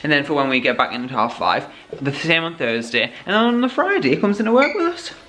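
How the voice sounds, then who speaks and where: A man's voice: a little high, sing-song, fast talker, pushed and bright, a little hiss or hum. A young man, chatting casually to the camera in a rambling vlog. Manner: chatty, rambling, laughs often. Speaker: vlogger.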